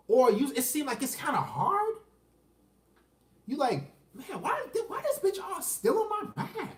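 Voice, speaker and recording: A man with a high-sitting voice rants crudely and takes chat questions during an unscripted dating commentary stream, picked up off-mic with an echoing room sound.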